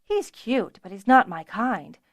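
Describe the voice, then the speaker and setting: A woman's voice: mid-range voice, big pitch swings, a little slow, dry recording, studio quality. A woman reading an anxious, earnest young female dragonrider in an audiobook. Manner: worried, earnest, candid.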